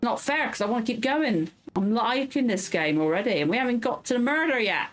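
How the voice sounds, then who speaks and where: A woman's voice: a little high, expressive, a little fast. A woman streaming a game, chatting casually and swearing freely over headphones. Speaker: gameplay streamer. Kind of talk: casual let's-play commentary. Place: warm room at home. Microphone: headphones and headset mic.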